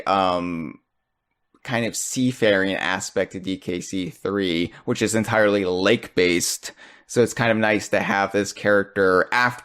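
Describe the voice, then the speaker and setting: A man hosting a casual podcast chat, joking around and jumping into high, excited bursts. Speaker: podcast host.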